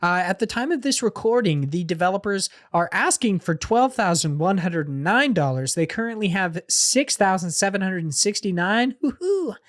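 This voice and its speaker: A man's voice: sits high, lively intonation, normal speed, hardly any pauses, fairly bright tone, dry recording, studio quality. A man co-hosting a podcast in casual chat, swearing a lot and ranting in a joking way. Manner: profane, ranting, jokey. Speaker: podcast co-host.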